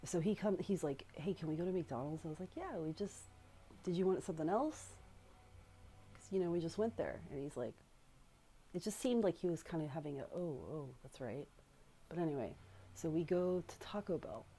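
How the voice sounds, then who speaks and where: A young woman telling a personal story in a casual, rambling way, often pausing, restarting and swearing. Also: lowish voice, expressive, dark tone. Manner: rambling, halting, with frequent swearing.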